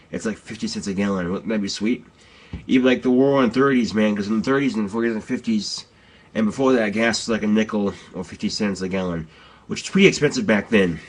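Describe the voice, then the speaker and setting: A man's voice: fairly low pitch, brisk. A man ranting bluntly and profanely in a casual, rambling vlog.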